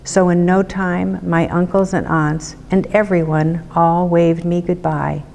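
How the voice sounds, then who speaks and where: A woman, a city councilmember, reading a rhyming children's book aloud for storytime in a measured, rhythmic way. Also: fairly low pitch, little pitch movement, creaky, a little mellow, long reverb tail.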